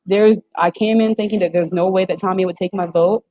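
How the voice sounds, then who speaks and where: A woman's voice: medium pitch, fairly even intonation, a little fast, dark tone, no room sound, low-quality recording. A woman in her twenties, a guest on a video call interview, talking in an emphatic, slangy, casual way. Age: 20s. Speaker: guest, former reality show contestant.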